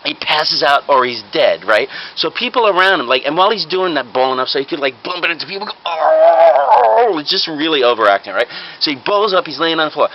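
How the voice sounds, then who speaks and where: A man casually telling a rambling prank idea, chuckling as he goes and tagging lines with "right?". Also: a little high. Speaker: comedic storyteller. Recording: slightly muffled with faint hiss.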